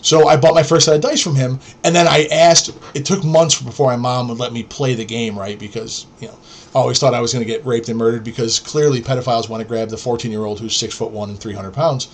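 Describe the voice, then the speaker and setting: A man's voice: mid-range voice, fairly even intonation, quick pace, a little hiss or hum. Blunt, profane male podcast host. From New York. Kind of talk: casual storytelling.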